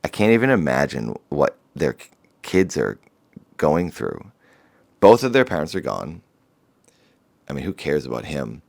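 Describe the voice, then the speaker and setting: Male vlogger, very deep voice, earnest and somber, rambling talk to camera. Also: big pitch swings, a little slow, vocal fry, pauses often.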